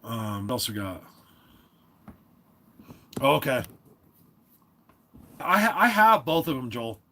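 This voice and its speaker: A man hosting a live stream, chatting casually and rambling, often clearing his throat and restarting his sentences. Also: medium pitch, big pitch swings, takes it slowly, sharp tone, a little hiss or hum.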